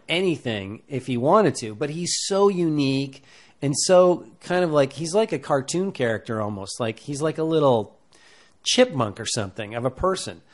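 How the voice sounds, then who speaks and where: Rambling man giving acting advice. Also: mid-range voice. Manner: rambling, animated, many fillers. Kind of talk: casual talk to camera.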